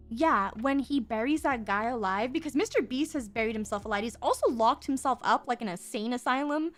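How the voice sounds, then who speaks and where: High-voiced giggly young woman streamer. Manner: giggly, rambling, excitable. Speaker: VTuber streamer. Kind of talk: casual stream chat while drawing. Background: faint background music.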